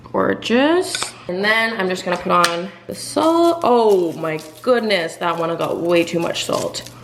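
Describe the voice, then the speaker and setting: A woman's voice: mid-range voice, a bit bright, a little hiss or hum, poor audio. A young woman from Canada chatting casually and cheerfully while cooking in her home kitchen, with dishes and cutlery clinking behind her. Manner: chatty, bubbly, talks with mouth full. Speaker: vlogger. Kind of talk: casual cooking vlog chat.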